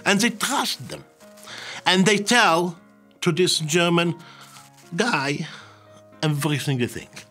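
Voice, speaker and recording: A man from Israel, a journalist and writer telling stories in an animated, theatrical way, repeating words as he goes. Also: a little high, slow, long pauses, soft background music. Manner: theatrical, acts out quoted voices, repeats himself. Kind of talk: animated storytelling talk.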